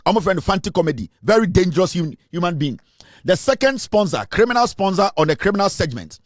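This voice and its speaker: A man's voice: high-pitched, sing-song, fast, dry recording, clean studio sound. A Ghanaian man hosting comic political commentary, mixing English with Twi and laughing often. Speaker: show host.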